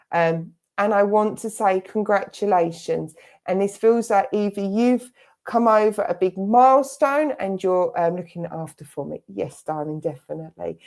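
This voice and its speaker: A woman's voice: medium pitch, a little mellow. A middle-aged woman giving a clairvoyant reading as a spiritualist medium, chatty and full of quoted asides. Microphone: online service stream.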